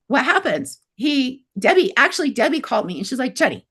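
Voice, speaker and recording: Speaking at a normal speed, this Arizona woman in her fifties has a high, sharp voice with a breathy edge and big swings in pitch. As a guest, she chats through a personal story, quoting what others said and dropping plenty of "like" fillers.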